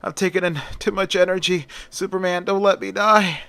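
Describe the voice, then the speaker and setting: A man's voice: mid-range voice, moderate pace, sharp tone, no echo, close to an everyday voice. A man voicing a brash super-powered man who boasts and then pleads for his life. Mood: pleading panicked.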